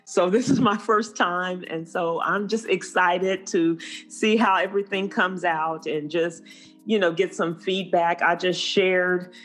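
Soft-spoken, low-voiced woman. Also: fairly even intonation, unhurried, soft background music. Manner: soft-spoken, hesitant fillers. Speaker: minister and first-time writer. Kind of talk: personal testimonial.

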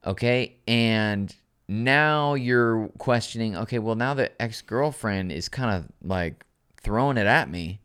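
A man's voice: lowish voice, a little slow, clear, resonant tone. A man hosting a podcast, swearing freely, laughing often and telling stories with animation. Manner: profane, laughs a lot, animated storytelling. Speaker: podcast host. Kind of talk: casual podcast chat.

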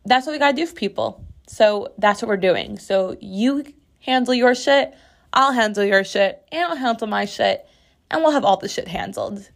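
A woman hosting a podcast from her bathroom floor, chatting in a candid, expressive way and swearing freely. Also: fairly high pitch, normal speed, creaky. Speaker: podcast host. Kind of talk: casual solo podcast chat.

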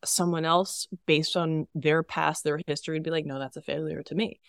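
Woman, low voice, dry close sound, lively podcast guest who laughs a lot. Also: normal speed, gravelly, smooth, no room sound. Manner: animated, laughs often, acts out her own inner voice. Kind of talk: casual conversation.

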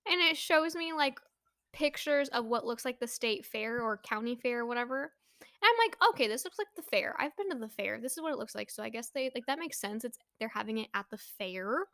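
A woman's voice: sits high, normal speed, no echo, studio quality. Chatty young woman telling a story. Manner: chatty, animated, lots of fillers, rising to anxious exclamations. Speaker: vlogger. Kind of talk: casual storytime to camera.

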